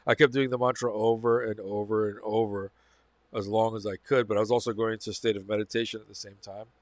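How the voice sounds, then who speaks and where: A man's voice: lowish voice, little pitch movement, fast, dry recording. A man hosting his own channel, telling a personal story in a loose, casual way, repeating phrases and correcting himself as he goes. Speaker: channel host.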